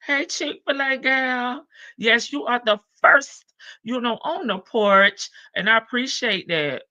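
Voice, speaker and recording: Older woman, live stream host, slow easy talk, bright tone, dull lo-fi audio. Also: a little high, dry recording. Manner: greets viewers one by one, drawn-out hellos, laughs often. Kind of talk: casual live stream chat.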